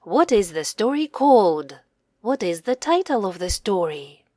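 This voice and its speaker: A woman reading her own children's story aloud, telling it slowly and expressively and asking the listening children questions. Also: medium pitch, no echo, studio quality. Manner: slow, expressive, sing-song storytelling for children. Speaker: storybook reader and author.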